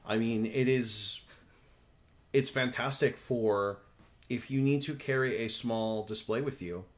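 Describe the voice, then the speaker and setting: A man in his thirties hosting a casual livestream, chatting and reading viewer comments in a talkative, self-interrupting way with quick laughs. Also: mid-range voice. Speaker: livestream host.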